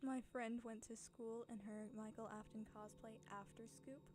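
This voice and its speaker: A young woman hosting a casual livestream, chatting in a put-on posh British English accent; chatty, quick to laugh and often restarting her sentences. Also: fairly high pitch, fairly even intonation, lightly acted. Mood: amused. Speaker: channel host answering chat questions.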